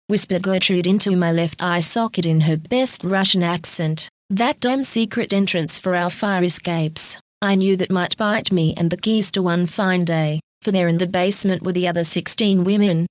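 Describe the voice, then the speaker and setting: A woman narrating a first-person audiobook in a steady, even read-through. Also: fairly low pitch, no room sound.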